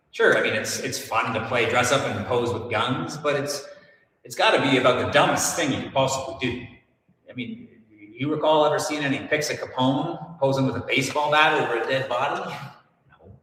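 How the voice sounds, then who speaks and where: A man's voice: medium pitch, expressive, normal speed, pushed and bright, a little hiss or hum. Irreverent man telling a story in an echoey room. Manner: irreverent, joking, swears. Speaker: host. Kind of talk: comedic storytelling.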